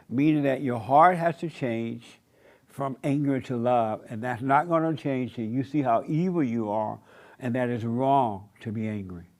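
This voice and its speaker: A man's voice: mid-range voice, a little mellow. A man preaching a sermon in an emphatic, repetitive cadence with folksy turns of phrase. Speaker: pastor.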